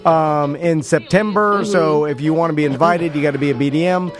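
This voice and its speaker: Man, podcast host, high voice, loose jokey chat. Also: fairly quick, faint music behind. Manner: laughs often, jokey. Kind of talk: casual chat.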